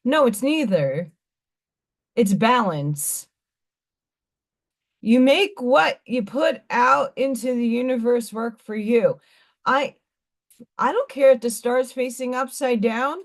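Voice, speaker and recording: A woman's voice: fairly high pitch, slow, pauses often. A woman hosting a live stream, telling stories in a rambling, candid, blunt way. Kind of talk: casual chat.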